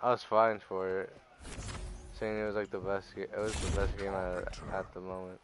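A man's voice: low voice, flat delivery, moderate pace, background noise. A young man streaming a game live, chatting loosely and swearing a lot as he talks to his viewers. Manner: profane, loose and jokey, talking to chat. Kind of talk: casual live-stream gaming chat.

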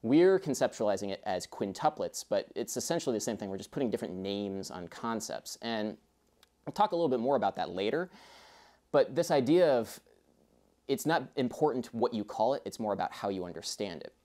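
A man's voice: on the low side, expressive, brisk, mellow. A young man teaching a music lesson in a casual, chatty way, with rambling asides.

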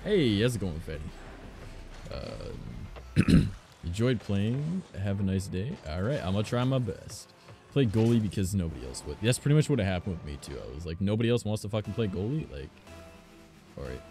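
A man's voice: low voice, moderate pace, faint music behind. A young man streaming a car soccer game, chatting casually with teammates and viewers, swearing freely as he tells stories between plays. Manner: swearing, animated storytelling between game reactions. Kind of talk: casual gameplay chat.

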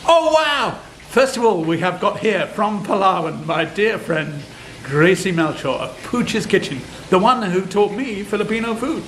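A British man in his sixties hosting a cooking vlog, talking casually and excitedly to his viewers. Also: high-pitched, normal speed. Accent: British English. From Britain. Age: 60s. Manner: chatty, excitable, rambling. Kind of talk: casual chat to camera. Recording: echoey room with noticeable background noise.

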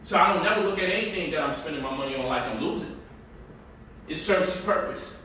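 A fast-talking man with a high, sharp voice animatedly hosts an informal livestream from indoors at home, covering stock investing with plenty of jokes and slang. The room is echoey, the mic is far off, and there's a bit of hiss or hum.

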